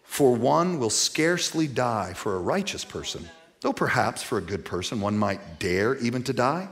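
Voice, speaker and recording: A man preaching a sermon to a live congregation, animated, with folksy asides, moving between loud and quiet. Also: mid-range voice, moderate pace. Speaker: pastor. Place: church before a live congregation.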